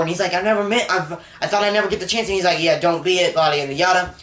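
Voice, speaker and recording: A man's voice: sits high, quick pace, a bit bright. A man casually retelling a film scene by scene, rambling with many fillers. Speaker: movie reviewer. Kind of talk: casual spoken movie recap. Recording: echoey room.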